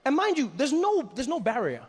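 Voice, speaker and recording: A male stand-up comedian telling a story on a live stage, animated and acting out characters as he goes. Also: extremely high pitch, a little fast, in a large hall. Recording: live show with audience noise.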